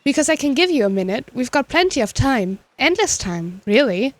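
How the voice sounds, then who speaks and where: A woman's voice: high voice, sing-song, normal speed, no room sound. A woman reading a dating game's text aloud as a teasing, well-spoken narrator voice in the player's head.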